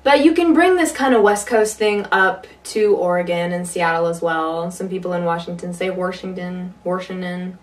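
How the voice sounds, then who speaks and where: A woman's voice: lowish voice, normal speed, hardly any pauses, recorded from a distance. A woman accent coach in a video tutorial, playful and demonstrating regional accents by example. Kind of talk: video tutorial played back.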